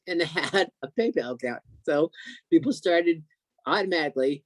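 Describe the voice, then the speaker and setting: A man recounts a story with rising excitement, acting out the voices of the people in it. His voice sits a little high. The sound is dry and close, like a video call. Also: moderate pace, no room sound. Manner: excited, emotional storyteller who acts out quotes. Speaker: guest.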